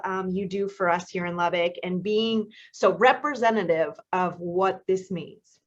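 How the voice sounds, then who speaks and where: A woman's voice: lowish voice, a little slow, highs cut off. A woman hosting a graduation ceremony, introducing teams and praising them with emotion. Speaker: event host.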